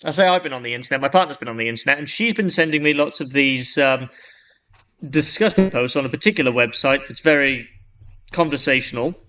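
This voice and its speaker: A man's voice: medium pitch, fairly quick, pushed and bright. A man co-hosting a podcast, telling a long joke in a casual, rambling way with frequent restarts. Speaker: podcast co-host.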